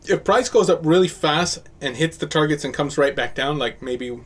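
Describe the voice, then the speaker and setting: A man's voice: a little high, normal speed. A man hosting a live show, casually talking through crypto price charts with an upbeat, chatty manner. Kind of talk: live chart analysis chat.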